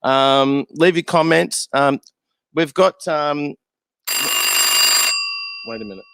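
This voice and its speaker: A man's voice: on the high side, slow pace, vocal fry, fairly bright tone, smooth, no room sound. A man hosting a casual live show, laughing often and hesitating with many fillers. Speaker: talk show host. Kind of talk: casual chat.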